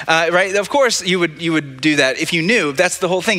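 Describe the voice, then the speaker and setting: Bright-voiced pastor preaching casually. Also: male voice, fairly high pitch, a little fast, few pauses. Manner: conversational, repeats words, asks "right?" often. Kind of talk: sermon. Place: church service. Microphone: handheld or stage mic.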